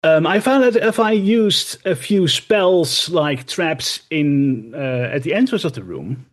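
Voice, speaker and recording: A man with a somewhat high voice chats on a casual podcast. He tells his stories in a rambling, animated way, full of ums and restarts. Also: slow. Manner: rambling, animated storytelling with fillers. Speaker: podcast co-host and streamer. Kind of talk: casual chat.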